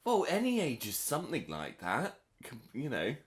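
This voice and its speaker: A man's voice: medium pitch, wildly swooping pitch, normal speed. A man co-hosting a film podcast in casual chat, teasing and arguing, often laughing. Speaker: podcast co-host. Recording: echoey room.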